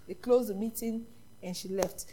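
A woman's voice: medium pitch, fairly even intonation, moderate pace, dark tone, a little hiss or hum. A woman with a Nigerian accent preaching a sermon, telling stories and quizzing the congregation with questions.

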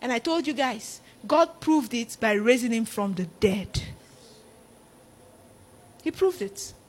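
High-voiced woman preaching. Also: slow, slightly rough. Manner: animated, laughing often, acting out quoted disciples. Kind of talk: sermon.

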